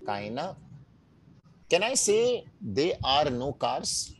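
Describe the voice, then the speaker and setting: A man's voice: fairly high pitch, sing-song, a little hiss or hum, low-quality recording. Man teaching German, patient and drilling. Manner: patient, checks in often with "right?" and "no?"; drills pronunciation slowly, word by word. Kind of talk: live online language class.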